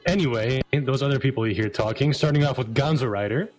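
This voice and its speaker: A man hosting a casual group podcast, easygoing and quick to laugh as he introduces the guests. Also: medium pitch, darkish tone, soft background music, poor audio. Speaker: podcast host.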